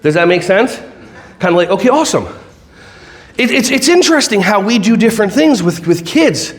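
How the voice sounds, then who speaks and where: High-voiced, animated male keynote speaker. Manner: animated, jokey, audience-involving; slow soothing breath-work guidance. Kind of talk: interactive keynote talk.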